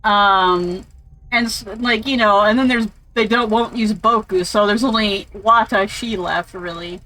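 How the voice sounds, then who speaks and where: A woman's voice: medium pitch, unhurried, sharp tone, poor audio. A woman casually commentating while playing a game, rambling and swearing freely. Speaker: let's play streamer.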